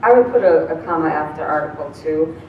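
Lady teaching a seminar, kinda low voice, far off mic, echoey room. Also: brisk, narrow, tinny audio, a little hiss or hum. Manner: relaxed, filler-heavy, chatty. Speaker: seminar presenter. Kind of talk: classroom teaching. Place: large room with many people. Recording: distant, echoey room recording.

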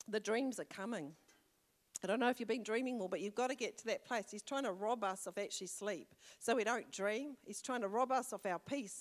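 An older woman with a New Zealand accent, a church elder giving a sermon testimony, telling a personal story with fervent exclamations. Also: medium pitch. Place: church hall. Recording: long reverb of a church hall.

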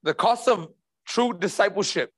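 A man's voice: high-pitched, normal speed, fairly bright tone. A man preaching a sermon as pastor, emphatic and repeating key phrases while speaking straight to the congregation.

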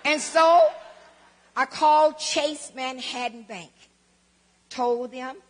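A woman's voice: high voice, slow. A woman, giving a church testimony and dramatically acting out both sides of conversations. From Southern United States. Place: church sanctuary. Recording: long church hall reverb.

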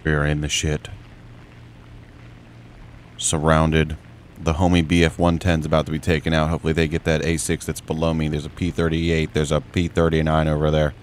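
A young man commentating his own flight game, muttering low play-by-play and yelping high and joking when things go wrong. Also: normal speed, a little hiss or hum. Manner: excitable, jokey, yelps high when in trouble. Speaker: gaming streamer. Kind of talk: gameplay commentary.

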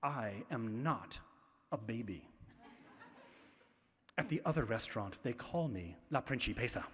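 A man's voice: medium pitch, lively intonation, measured pace, a bit bright, long reverb tail, voice pushed down. A man telling a story, putting on the voice of an indignant girl of about nine who insists she is not a baby. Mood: offended. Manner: prim, offended.

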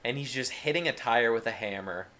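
A man's voice: mid-range voice, fairly quick, bright, forceful tone. A man co-hosting a podcast, chatting casually about a movie with sardonic, crude humor and frequent swearing. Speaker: podcast co-host. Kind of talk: casual movie-review chat.

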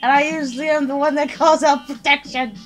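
A woman's voice: sits high, steady tone, fairly quick, faint music behind. A woman giving playful, teasing commentary while playing a video game, laughing often. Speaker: gamer. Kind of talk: casual gameplay commentary.

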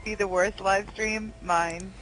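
Slow-talking giggly woman gamer. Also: medium pitch, steady tone, a bit bright, soft background music, low-quality recording. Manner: giggly, self-mocking, unhurried. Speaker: guest on game stream. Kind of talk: casual chat over online gaming.

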